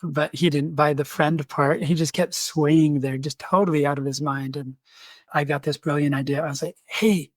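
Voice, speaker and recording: Animated man telling a story. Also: on the high side, normal speed, dry recording. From United States. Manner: animated, acts out quoted voices. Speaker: podcast host. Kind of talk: storytelling in conversation.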